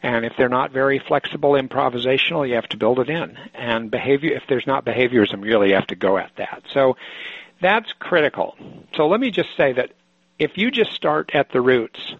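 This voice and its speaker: A man's voice: mid-range voice, fairly quick, slightly rough, dry recording. A man training therapists, giving a thoughtful lecture to a group and often restarting his sentences. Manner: thoughtful, explanatory, with frequent restarts. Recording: dull lo-fi sound.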